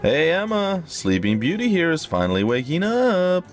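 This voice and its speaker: A man's voice: a little high, wildly swooping pitch, measured pace, slight background noise, pitched above the performer's own voice, heavily acted. Brash, teasing pirate gal voiced by a man, raised voice. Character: brash female pirate crewwoman, rum-loving.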